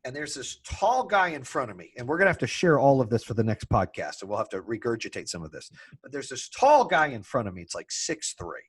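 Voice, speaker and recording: A man hosting a podcast, telling a story in a casual, animated way, swearing freely and laughing as he talks. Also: medium pitch, fairly quick, slightly rough. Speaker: podcast host.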